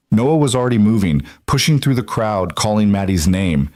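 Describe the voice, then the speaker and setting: A man giving scripted narration of a story in an even, measured way. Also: on the low side, no echo, studio quality.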